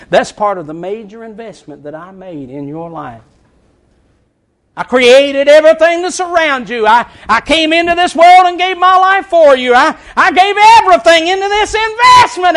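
A preacher acting out a stern, grieved master who rebukes a servant, rising toward a shout. The voice sits high for a man.

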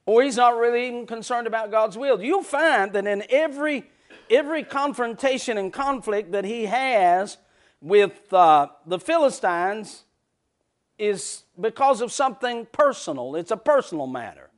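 A man preaching a sermon as pastor, impassioned, repeating phrases and building up to shouting. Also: very high-pitched, animated, normal speed.

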